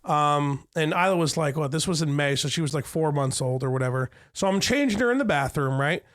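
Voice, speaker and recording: A man's voice: on the high side, lively intonation, brisk, fairly bright tone. A young man co-hosting a casual comedy podcast, swearing a lot and telling crude jokes and stories. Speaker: podcast co-host.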